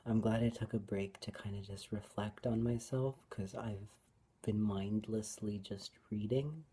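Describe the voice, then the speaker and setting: Woman, tearful, personal bible reflection vlog, halting restarts, breathy husky tone, very slow pace. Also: extremely low pitch, steady tone. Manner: halting, hesitant, with many restarts; soft-spoken, often drops to a whisper. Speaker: vlogger.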